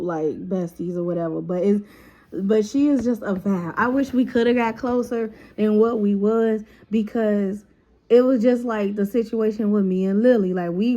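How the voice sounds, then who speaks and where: Woman, storytime vlogger, mellow voice, dull lo-fi sound, lively and profane. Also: mid-range voice. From Chicago. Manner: lively, profane, acts out others' lines in voices. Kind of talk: casual storytime.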